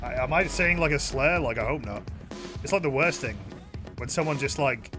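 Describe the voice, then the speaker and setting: A man streaming a game, rambling casually, self-mocking, with loud bursts of mock indignation. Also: mid-range voice, animated, moderate pace. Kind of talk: casual gaming stream chat. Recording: game music behind.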